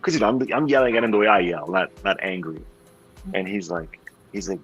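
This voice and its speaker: A middle-aged man chatting casually, telling animated stories and acting out what others said. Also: fairly low pitch, brisk, husky, faint music behind, poor audio. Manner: animated storyteller who acts out dialogue. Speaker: livestream co-host. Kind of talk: casual chat.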